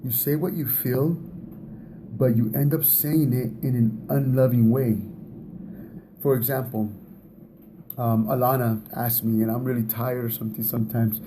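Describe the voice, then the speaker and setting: A man's voice: medium pitch, fairly even intonation, measured pace, pauses often, mellow, slight background noise. A man giving a casual talk on relationships, speaking in a conversational way, often repeating words and laughing at himself.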